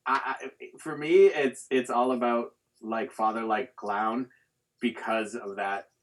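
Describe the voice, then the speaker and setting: A man's voice: mid-range voice, steady tone, slow pace, distant mic, rough recording. A man as a guest on a podcast in casual chat, hesitant with stammering restarts.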